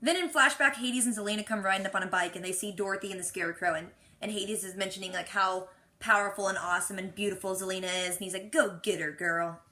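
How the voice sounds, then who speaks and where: Bright-voiced chatty woman recapping TV. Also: mid-range voice, steady tone, fast talker, hardly any pauses. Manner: chatty, frank and opinionated, with casual slang. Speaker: reaction vlogger. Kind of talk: casual TV episode recap.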